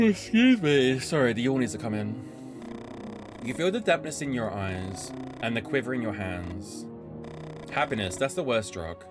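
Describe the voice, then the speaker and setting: A man's voice: medium pitch, sing-song, normal speed. A man streaming a story game, reading its narration aloud and breaking off to chat and swear about what happens. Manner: reads narration evenly, then chats and swears in asides. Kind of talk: reading game text aloud with casual commentary. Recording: game music behind the voice.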